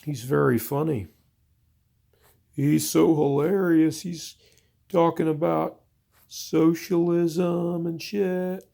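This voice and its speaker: A man's voice: on the high side, steady tone, slow, vocal fry, pauses often, dark tone, pitched above the performer's own voice. A man mimicking a smug male online commentator who chuckles condescendingly while reacting to a speech. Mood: smug mockery.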